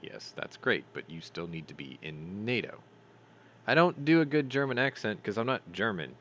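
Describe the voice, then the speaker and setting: A man's voice: fairly low pitch, big pitch swings, moderate pace, a bit bright. A man hosting a news commentary stream, reading articles aloud and adding sarcastic, profane remarks, stumbling over names.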